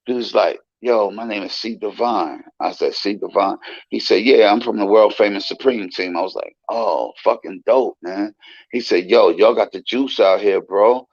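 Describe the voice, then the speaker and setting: A man guest telling stories in a casual interview, animated and profane, acting out the voices he quotes. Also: fairly low pitch, normal speed, no echo, highs cut off. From United States.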